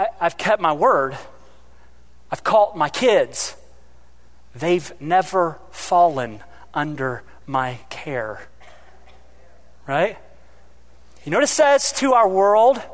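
A pastor preaching a sermon, animated, swinging between loud emphasis and quiet asides, with joking remarks to the congregation. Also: male voice, sits high.

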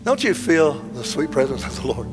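A man's voice: on the high side, big pitch swings, moderate pace. An older man preaching a sermon, telling a story in a plainspoken, earnest way that swells dramatically. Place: church sanctuary. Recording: long hall reverb, faint music.

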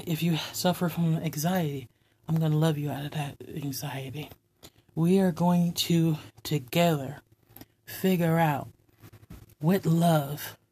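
A woman hosting a heartfelt, faith-based talk segment, speaking earnestly and tenderly, often dropping into a soft whisper. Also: low voice, breathy edge. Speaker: host of an inspirational talk segment.

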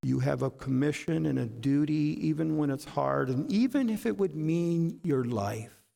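Male preacher, sermon, fairly high voice, gravelly, dramatic, rhetorical. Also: expressive, normal speed. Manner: dramatic, rhetorical questions, swings between loud bursts and hushed asides.

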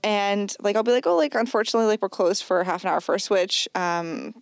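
A young woman guesting on a podcast, rattling off stories in loose casual chat with plenty of fillers. Her voice sits at an ordinary middle pitch. The sound is dry and close, with no room around it. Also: moderate pace, clear, resonant tone, no room sound. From Canada. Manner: lively storyteller with many fillers.

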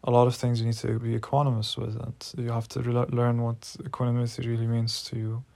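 A man's voice: mid-range voice, monotone, fairly quick, creaky, warm tone, no room sound. A man in his twenties talking frankly and emotionally in a personal diary vlog, swearing freely when worked up. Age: 20s. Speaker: vlogger.

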